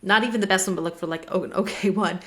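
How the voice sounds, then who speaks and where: Chatty mom telling rambling stories. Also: female voice, mid-range voice, fairly even intonation, racing. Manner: rambling storyteller, acts out dialogue, frequent "like". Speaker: podcast co-host. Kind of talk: casual chat. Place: lives in German-speaking Switzerland.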